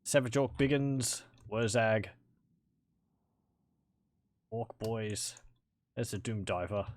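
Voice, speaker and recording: A man's voice: lowish voice, slow, no echo. A man giving casual, wry let's-play commentary on a strategy game, chatting and laughing along.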